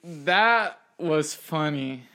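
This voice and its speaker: Joking, stammering young man, higher voice. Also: lively intonation, extremely slow, pushed and bright. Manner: joking, stammering, chuckles often. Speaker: podcast co-host. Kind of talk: casual chat.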